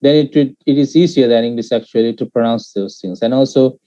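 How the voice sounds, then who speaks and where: A man teaching Pali in an online class, patiently explaining pronunciation and sounding out syllables with many pauses and fillers. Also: medium pitch, dark tone, highs cut off.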